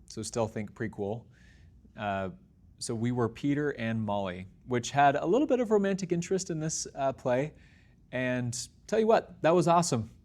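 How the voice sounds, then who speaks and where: A man's voice: medium pitch, expressive, moderate pace, darkish tone. A young adult man hosting his own show, talking to the camera in an earnest, upbeat and encouraging way. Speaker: podcast host. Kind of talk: casual solo talk to camera.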